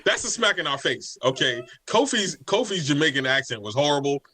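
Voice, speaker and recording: Joking, bright-voiced man co-host. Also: on the high side, brisk. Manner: joking, animated. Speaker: podcast co-host. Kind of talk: casual chat.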